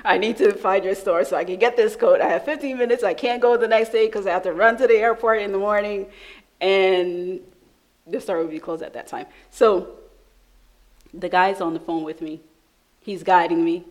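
A woman from New York telling a lively personal testimony in church, laughing often as she speaks. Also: medium pitch, moderate pace, rough recording. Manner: animated storytelling, laughing often. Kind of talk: sermon testimony.

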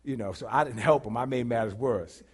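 A middle-aged man delivers a sermon, telling a story with dramatic flair and swinging between hushed tones and shouting. His voice is mid-range and breathy-edged, and he speaks briskly.

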